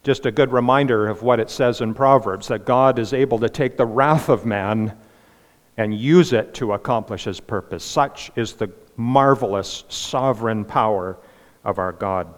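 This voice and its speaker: A man's voice: medium pitch, normal speed. A male pastor preaching a sermon in a conversational way, with asides and restarts. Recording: long hall reverb.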